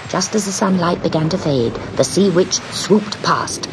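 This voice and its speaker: A woman reading a children's story aloud in an expressive, dramatic storytelling manner. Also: on the low side, measured pace, noisy background.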